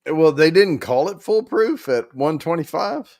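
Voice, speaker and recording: A man's voice: fairly high pitch, expressive, moderate pace, a little mellow, no room sound, clean studio sound. A man hosting a casual livestream and running a prize giveaway, joking loosely and swearing mildly while he works the screen.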